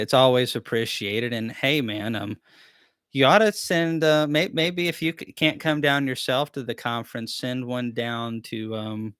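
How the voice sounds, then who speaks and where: A man's voice: mid-range voice, fairly bright tone, smooth, no room sound, clean studio sound. A man hosting a live-stream question-and-answer chat, talking in a rambling, easygoing, self-deprecating way. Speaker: beekeeping channel host.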